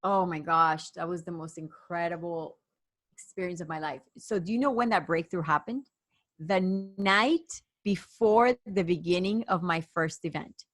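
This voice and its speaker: A woman coach as a podcast guest, retelling a personal story with rushed restarts and quoted dialogue. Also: lowish voice, no echo. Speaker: guest, women's performance coach.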